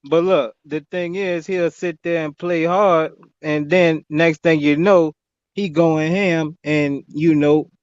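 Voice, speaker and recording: A man's voice: on the high side, steady tone, takes it slowly, smooth, no room sound. A man co-hosting a casual sports debate, talking in a rambling, profane way with many restarts. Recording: dull, slightly muffled audio.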